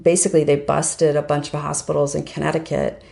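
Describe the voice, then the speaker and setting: A middle-aged woman with a low, heavily gravelly voice, talking as a podcast guest. She tells her story casually, filling her talk with "like" and "um". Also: level tone, a little fast, dark tone. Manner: chatty, story-driven, lots of "like" and "um". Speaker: podcast guest, fundraising professional.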